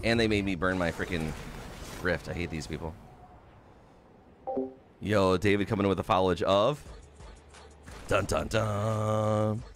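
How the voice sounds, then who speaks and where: A man commentates his own game live for his viewers. His voice sits low, and his talk is casual and full of swearing. Faint music plays under him as he reads out names from the chat. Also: normal speed, pauses often. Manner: profane, excitable, greets chat by name. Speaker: game streamer.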